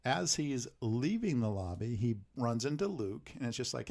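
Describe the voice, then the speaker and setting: Male podcast co-host, mid-pitch, chatty and animated while retelling a film plot. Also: moderate pace, vocal fry. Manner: animated retelling, acting out characters' lines. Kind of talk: casual movie recap.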